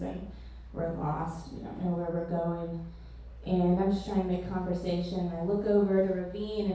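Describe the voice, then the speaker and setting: A woman tells a stand-up story in a chatty, understated manner at a mid pitch. Her voice rings through a very echoey room, distant from the mic. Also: dark tone, slight background noise. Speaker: stand-up comedian.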